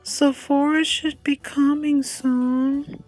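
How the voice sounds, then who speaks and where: A woman voicing a polite, soft-spoken twenty-year-old man from a comic she is reading, with a slow, soft delivery. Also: sits high, flat delivery, faint music behind, pitched above the performer's own voice, rough recording. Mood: gentle.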